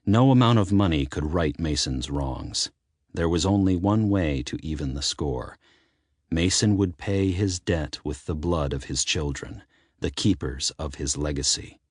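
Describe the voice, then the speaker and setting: Deep low guy reading an audiobook, slow dramatic narration, dry close sound. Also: animated, breathy edge, dry recording. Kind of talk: scripted narration.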